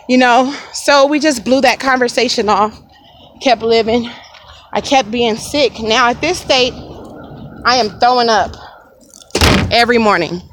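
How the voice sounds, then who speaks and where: A woman's voice: a little high, a little slow, long pauses, a bit bright, a little hiss or hum, low-quality recording. A woman vlogger telling a personal story outdoors by a lake, frank and conversational, speaking straight to her viewers. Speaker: family vlogger.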